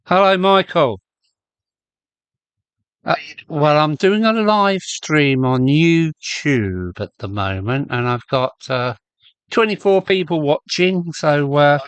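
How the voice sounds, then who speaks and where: A man's voice: a little high, lively intonation, slow, fairly bright tone, smooth, dry recording. A man hosting a live stream from his loft, chatting casually and greeting viewers by name as he goes. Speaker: host of a model railway live stream. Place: home loft with a model railway layout.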